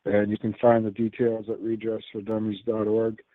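A man's voice: fairly low pitch, monotone, normal speed, no room sound. A man hosting a call-in show, introducing it in an easygoing way. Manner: easygoing, with fillers. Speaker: show host. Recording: tinny phone-line sound.

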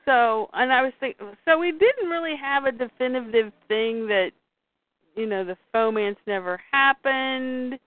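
A woman's voice: high voice, measured pace, a little hiss or hum. A woman co-hosting a podcast, chatting about comics and working through her point with restarts. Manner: chatty, hesitant restarts while making a point. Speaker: podcast co-host. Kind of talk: casual chat about comics. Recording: tinny phone-like dry audio.

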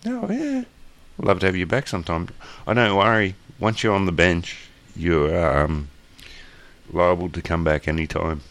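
A man's voice: low-pitched, fairly even intonation, normal speed, a bit bright. An Australian man co-hosting a podcast, chatting casually and joking with loose, profane talk over a remote call mic. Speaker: podcast co-host. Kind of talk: casual chat.

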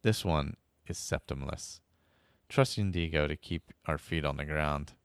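A man's voice: very deep voice, unhurried, clean tone, no room sound, clean studio sound. A man voicing a cheerful, chatty male cat-folk companion in a fan-made audio story, who speaks of himself as "this one".

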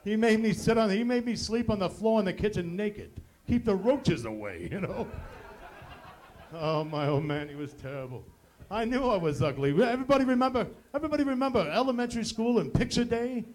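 A man's voice: sits high, animated, fairly quick, a little mellow. A man doing a stand-up impression of a self-pitying older male comic on a tavern stage, always saying "oh yeah" and "I tell you".

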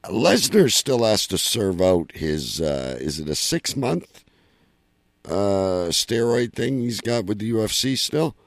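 A man hosting a podcast in casual chat, excitable and stammering, swearing now and then. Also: on the low side, slow pace, no room sound, studio quality. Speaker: podcast host.

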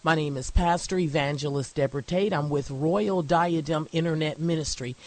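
A woman's voice: sits low, moderate pace, darkish tone, dry recording. A woman pastor and evangelist preaching an internet sermon, reading scripture aloud and stressing key words.

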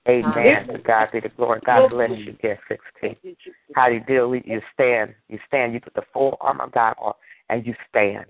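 A man's voice: mid-range voice, level tone, moderate pace, creaky. A man preaching a sermon as pastor, emphatic and repetitive, drawing call-and-response from the congregation. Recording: tinny phone-like dry sound.

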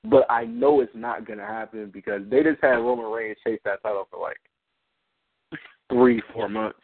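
A man's voice: medium pitch, moderate pace. A man co-hosting a wrestling podcast, talking casually and ranting with some swearing. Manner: animated, ranting, profane. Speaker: podcast co-host. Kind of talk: casual chat. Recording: dry tinny phone-like sound.

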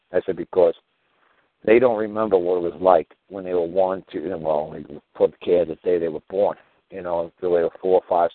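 Low-voiced man ranting over a phone line. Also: no echo. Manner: rambling, profane, heated storytelling with quoted dialogue. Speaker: podcast host. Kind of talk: casual monologue.

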